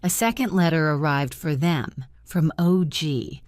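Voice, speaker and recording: Slow, low-pitched woman reading a story. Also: no echo, clean studio sound. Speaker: narrator. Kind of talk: graded-reader story narration.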